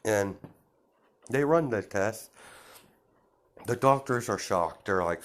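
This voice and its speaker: Low-voiced rambling male storyteller. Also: slow pace, pauses often. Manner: rambling, many fillers and restarts, laughs at himself. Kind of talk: casual improvised storytelling.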